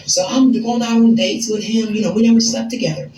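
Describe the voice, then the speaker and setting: An American woman telling a casual story in an animated, slangy, chatty way. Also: on the high side, brisk, reverberant, slight background noise, poor audio. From United States. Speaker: storyteller in a social media clip.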